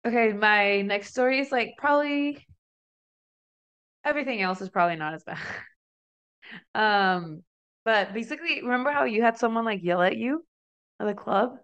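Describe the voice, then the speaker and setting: Chatty young woman, smooth clear voice. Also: a little high, normal speed, long pauses, highs cut off. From Mexico. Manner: chatty, animated storyteller who acts out quoted dialogue. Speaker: podcast co-host. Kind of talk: casual chat, storytelling.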